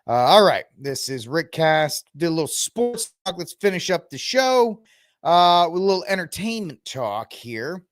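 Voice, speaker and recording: A talkative man hosts his own podcast, rambling casually from topic to topic and speaking right to his listeners. His voice sits a little high for a man. The sound is dry and close, with no room echo. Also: big pitch swings, unhurried. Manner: chatty, rambling, talks to the audience while browsing the web. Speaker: podcast host. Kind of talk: casual solo commentary.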